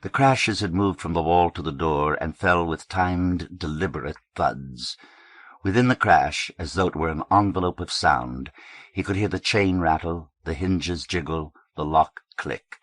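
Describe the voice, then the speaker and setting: A man narrates a literary novel in a measured, understated way. His voice is very low. The sound is close and dry, with no room around it. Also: fairly bright tone, dry recording. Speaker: audiobook narrator.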